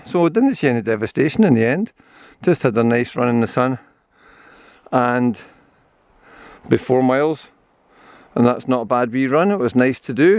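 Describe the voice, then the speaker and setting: A man's voice: medium pitch, darkish tone, dry recording, studio quality. An older man with a Scottish accent chatting casually to a handheld camera as he runs and walks along an outdoor forest trail, rambling cheerfully about the view. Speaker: vlogger. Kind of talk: casual walking and running commentary.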